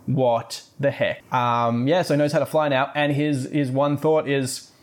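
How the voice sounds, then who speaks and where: A man's voice: fairly high pitch, steady tone, normal speed. A man hosting a podcast, casually retelling a book's plot with wry asides. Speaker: podcast host. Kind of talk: casual book review podcast.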